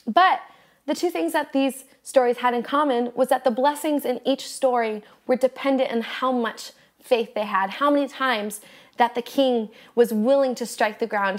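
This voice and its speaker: A young woman hosting a devotional podcast, preaching in an earnest, encouraging way and speaking straight to her listeners. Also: on the high side. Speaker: podcast host.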